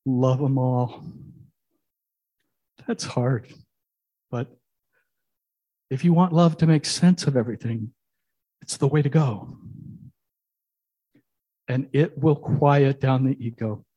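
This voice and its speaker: A man's voice: medium pitch, takes it slowly, long pauses, mellow, husky. A man giving a sermon as minister, conversational and telling jokes along the way.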